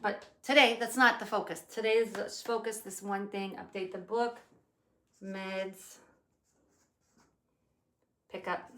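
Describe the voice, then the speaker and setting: A woman in her fifties chatting casually as she plans her day out loud, rambling and swearing now and then. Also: mid-range voice, steady tone, slow, pauses often, echoey room. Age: 50s. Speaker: vlogger. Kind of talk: casual day-planning chat.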